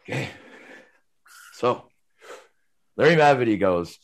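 A middle-aged man, a former hockey player, telling stories casually as a podcast guest, rambling and animated, tagging his sentences with questions. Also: mid-range voice, moderate pace. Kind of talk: casual storytelling.

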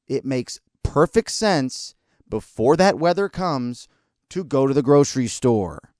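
An American man hosting a podcast, ranting sarcastically and scolding his listeners, at times in a mock calm, soothing voice. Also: medium pitch, a little slow, no echo, clean studio sound. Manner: sarcastic, scolding and exasperated, hurling insults; mock calm and soothing delivery that breaks into outbursts. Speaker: podcast host. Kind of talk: ranting opinion segment.

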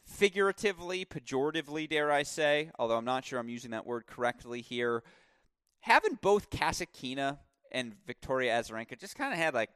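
A man talks through tennis match predictions in an animated, rambling way, with pitch that jumps around as he gets excited. His voice sits in a middle register and sounds dry and close to the mic. He drifts into asides and corrects himself along the way. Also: no echo. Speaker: tennis podcast host. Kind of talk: solo tennis preview commentary.

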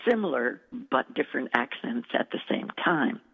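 A woman's voice: a bass voice, animated, moderate pace, husky. A woman dialect coach telling stories in an interview, effusive and enthusiastic. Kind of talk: interview storytelling. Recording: echoey, tinny phone-like recording.

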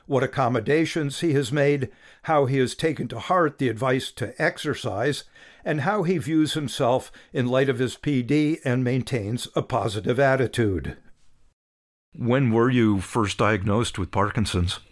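A man hosting an interview who asks calm, attentive questions. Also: medium pitch, measured pace.

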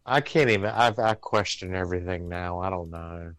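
A man co-hosting a podcast, chatting casually in a wry, deadpan way over a voice call. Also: low voice, moderate pace, a little hiss or hum. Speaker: podcast co-host.

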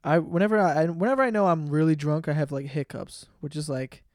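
A man's voice: on the high side, quick pace, no room sound, studio quality. A young man hosting a podcast, telling crude stories in casual chat. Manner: crude, joking storyteller. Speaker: podcast host. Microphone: studio mic on stand.

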